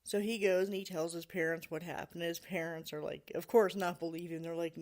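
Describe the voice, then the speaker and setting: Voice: mid-range voice, steady tone, brisk, hardly any pauses, a little mellow. A podcast host casually retelling a story, full of "you know" and "like," laughing now and then.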